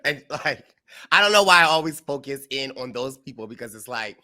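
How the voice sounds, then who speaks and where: A man co-hosting a casual recap chat, animated and heartfelt, laughing often and talking in bursts of fillers. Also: medium pitch, brisk. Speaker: co-host.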